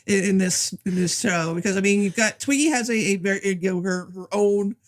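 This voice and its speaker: A woman's voice: mid-range voice, fairly quick. A woman co-hosting a podcast, joking in casual chat and often repeating words as she starts her sentences. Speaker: podcast co-host.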